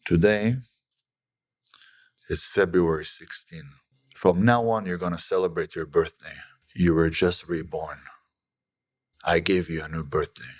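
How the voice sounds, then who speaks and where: A man's voice: low-pitched, fairly even intonation, moderate pace, no echo. A man telling boastful tough-guy stories as a podcast guest, acting out quotes with bravado. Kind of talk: boastful storytelling.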